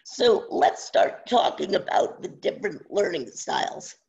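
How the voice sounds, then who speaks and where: An older instructor in their sixties presents a webinar in a gravelly, badly husky voice that breaks and strains. The delivery is slow and halting, with frequent pauses and fillers. The audio is dull and lo-fi. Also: mid-range voice, very animated, a little mellow. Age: 60s. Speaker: online instructor.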